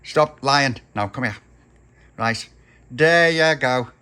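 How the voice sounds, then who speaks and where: A man voicing a bossy, loving working-class mum who scolds briskly. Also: medium pitch, sharp tone, clear, resonant tone, voice pushed up. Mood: scolding.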